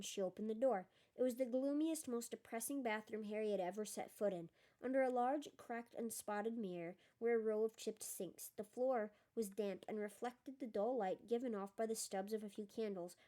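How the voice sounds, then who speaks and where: A woman narrating an audiobook with steady, measured reading. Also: mid-range voice. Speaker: audiobook reader. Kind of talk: storybook narration.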